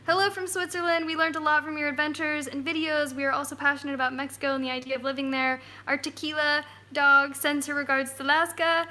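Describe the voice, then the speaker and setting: A woman's voice: high-pitched, steady tone, fast talker, hardly any pauses, sharp tone. A woman hosting a casual travel live stream from home on a phone, bubbly and giggly. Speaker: travel vlog host.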